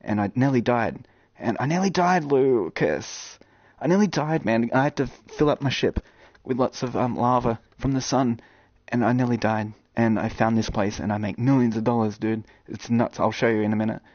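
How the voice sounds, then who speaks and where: Guy streaming games, rambly and jokey, yells now and then, muffled lo-fi mic. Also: medium pitch, steady tone, a little fast, no room sound. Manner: rambling and jokey, with sudden loud outbursts. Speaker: gaming streamer. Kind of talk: casual live-stream chat.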